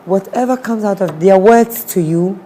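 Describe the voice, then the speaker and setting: A woman's voice: medium pitch, moderate pace, slight background noise. Ghanaian woman telling a story with feeling. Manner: animated, acts out quoted dialogue, mixes in Twi words. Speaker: guest. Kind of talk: emotional personal storytelling.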